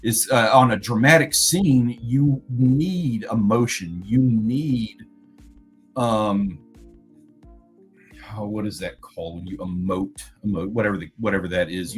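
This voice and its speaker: Husky man rambling casually. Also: lowish voice, low-quality recording. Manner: rambling, often searches for words. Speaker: video creator recapping a conference. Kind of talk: casual spoken recap.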